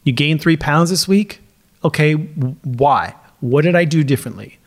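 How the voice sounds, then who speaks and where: Middle-aged man, slightly high voice, casual solo podcast host and coach. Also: lively intonation, normal speed. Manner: conversational, chatty, laughs now and then.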